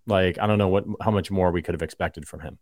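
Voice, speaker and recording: A man's voice: low-pitched, fast talker, darkish tone, no echo, clean studio sound. A man hosting a casual sports podcast, talking in a rambling, conversational way and arguing his points. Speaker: podcast host.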